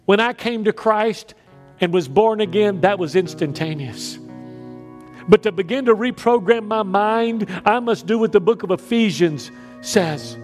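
A man preaching a sermon, telling stories with big swings between loud raised lines and quiet emphatic drops. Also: sits high, measured pace, faint music behind. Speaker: pastor.

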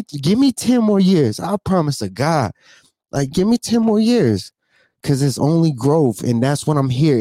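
A man's voice: fairly high pitch, dark tone, no room sound, studio quality. Emotional profane man in his thirties. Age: 30s. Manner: profane, repetitive, keeps asking "you know what I'm saying". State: tearful, sighing. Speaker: vlogger. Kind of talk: emotional unscripted rant to camera.

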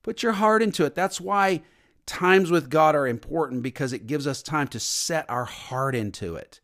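Pastor, man, slightly high voice, sermon delivery, repeats key points for emphasis. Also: normal speed. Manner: preaching with emphatic repetition and sudden soft drops.

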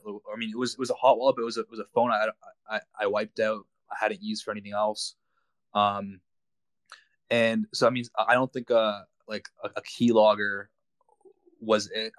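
A man calling in from the community asks questions in a halting, frustrated way, often repeating words. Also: lowish voice, no echo. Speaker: caller from the community. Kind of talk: casual question on a live audio call.

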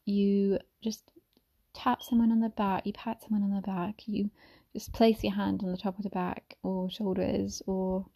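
A woman speaks in a soft-spoken ASMR manner, often dropping to a whisper. Her tone is mellow and dark, with plenty of gravelly vocal fry. She meanders gently, with frequent ums and restarts. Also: mid-range voice, level tone, normal speed. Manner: meandering, with many fillers and restarts. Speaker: mother sharing reflections.

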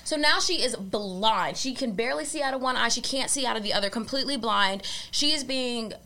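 A woman on a podcast, casually retelling a case in a lively way and acting out what people said. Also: fairly high pitch, moderate pace. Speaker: podcast host. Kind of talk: casual storytelling chat.

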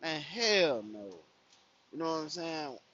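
A man's voice: a little high, big pitch swings, slow, pushed and bright. A man telling a personal story in casual, profane street slang, acting out the people he quotes. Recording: dull lo-fi recording.

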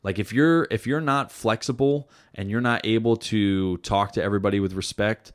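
A man's voice: on the low side, moderate pace. A man hosting a podcast, chatting casually and rambling with lots of swearing and filler. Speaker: podcast host. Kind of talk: casual chat.

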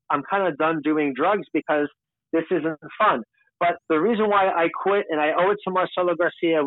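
A man's voice: a little high, no echo. Man rambling through a story on a tinny line. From Long Island, New York. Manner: candid, rambling. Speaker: podcast guest. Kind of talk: casual storytelling. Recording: tinny, dry phone-like sound.

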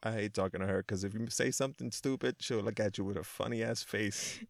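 A man co-hosting a casual chat, laughing and chiming in, with a gravelly voice. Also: lowish voice, steady tone, brisk, dry recording, clean studio sound. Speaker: podcast co-host.

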